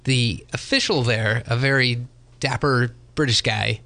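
Gravelly man telling a story with dry humor. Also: mid-range voice, a little slow, sharp tone. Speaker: co-host. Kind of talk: casual chat.

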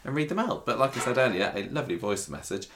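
A man's voice: mid-range voice, sing-song, quick pace, background noise. A man co-hosting a podcast, reading out listener feedback in a chatty, rambling way with fillers. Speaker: podcast co-host.

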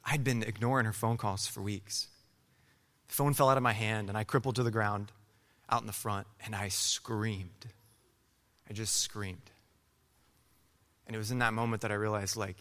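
A young adult man preaching his testimony in a church, halting and repeating words, moving from hushed speech to loud preaching. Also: on the low side, fairly even intonation. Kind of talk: sermon testimony. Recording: hall reverb.

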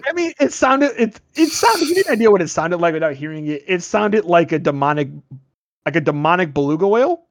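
High-voiced man hosting a casual podcast. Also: big pitch swings, fast talker, no echo, studio quality. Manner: rambling, joking, self-deprecating. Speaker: podcast host. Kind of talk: casual movie review chat.

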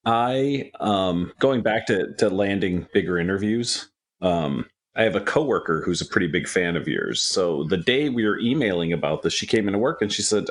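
A man hosts a podcast in a husky voice whose pitch swings about widely. He tells an anecdote with energy, acting out the other people's lines. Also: moderate pace. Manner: animated storytelling, mimics others. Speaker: podcast host. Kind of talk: casual podcast chat.

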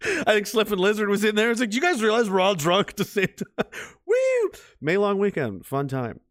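A middle-aged man with a somewhat high voice talks into a close microphone in a dry, dead-sounding room. He hosts a casual livestream and rambles loosely, swears freely and often breaks into laughter. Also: expressive, fairly quick, fairly bright tone, dry recording. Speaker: livestream host reading chat.

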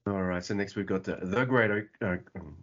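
A man co-hosting a podcast, recapping wrestling matches in lively, casual talk with swearing and laughs. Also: low voice, moderate pace. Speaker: podcast co-host. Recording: dull lo-fi audio.

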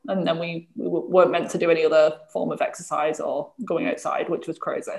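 A woman's voice: sits low, little pitch movement, a little fast, gravelly, a little mellow. A woman hosting a casual interview, friendly and agreeable, asking questions. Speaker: host. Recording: echoey room.

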